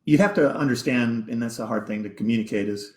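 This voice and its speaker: A man, a podcast guest, telling an emotional personal story in a halting way, repeating words and sometimes dropping almost to a whisper. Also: medium pitch, a little mellow. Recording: echoey room.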